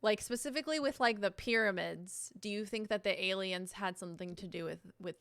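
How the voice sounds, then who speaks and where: A woman's voice: mid-range voice, brisk, a bit bright, clear, resonant tone, dry recording, studio quality. A young woman streaming at home, chatting casually in a giggly, rambling and self-deprecating way as she reacts.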